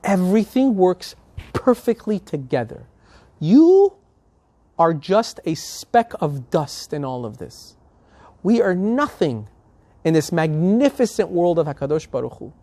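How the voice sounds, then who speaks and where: A man's voice: high voice, sing-song, a little slow, dark tone, no echo. A male rabbi preaching a sermon and telling a story, emphatic and building to passionate appeals.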